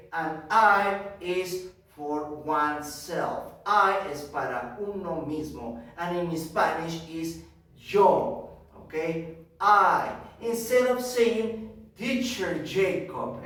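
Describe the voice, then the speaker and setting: Slow, echoey male teacher voice. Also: high-pitched. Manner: slow and emphatic, repeating words and checking with "ok?". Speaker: English teacher for young children. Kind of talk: bilingual classroom lesson. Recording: roomy echo, from far off.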